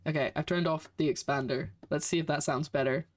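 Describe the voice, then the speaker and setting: A woman's voice: deep voice, fairly even intonation, brisk, no echo. A woman streaming a game, commenting casually and sarcastically, exasperated at the characters. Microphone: desk microphone. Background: game audio.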